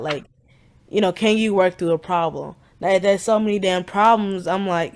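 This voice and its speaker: A Southern US woman in her twenties co-hosts a podcast, chatting frankly and profanely and saying "like" constantly. Her voice is fairly low, clear and resonant, at a normal speed.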